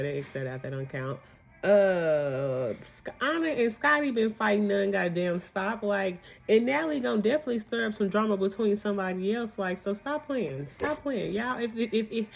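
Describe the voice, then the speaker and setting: A woman's voice: mid-range voice, creaky, slight background noise. A young woman hosting a casual reality show recap, blunt and heated, swearing freely.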